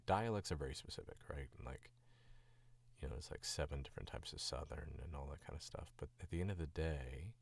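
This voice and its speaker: Feeling sick, a voice actor talks casually on stream in an extremely low, gravelly voice. His chat is rambling and filler-heavy yet animated, and he shows off accents.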